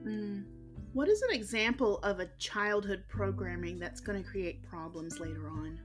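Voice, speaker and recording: A woman's voice: medium pitch, moderate pace, soft background music. A woman with a Southern US accent hosting a podcast interview in a folksy, chatty way. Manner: folksy, chatty, uses y'all. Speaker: podcast host.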